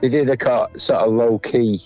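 A man's voice: mid-range voice, fairly even intonation, moderate pace, a little mellow. A man with a Northern English accent, rambling through a casual anecdote with lots of fillers. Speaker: musician guest. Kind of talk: casual chat. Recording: dull lo-fi sound, faint music.

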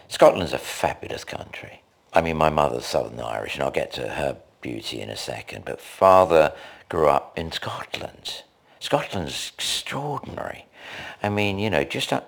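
Very deep, gravelly older man. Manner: animated, rambling anecdotes. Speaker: guest. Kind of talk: radio interview storytelling. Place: indoor recording location.

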